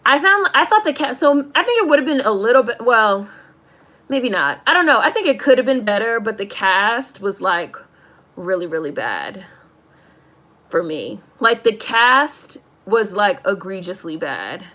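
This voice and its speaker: A woman's voice: medium pitch, expressive, measured pace, pushed and bright. A woman casually ranting to her stream chat about a movie, swearing, laughing and saying "like" constantly. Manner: profane, exasperated, laughs while ranting; heavy use of "like". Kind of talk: casual rant to a live chat.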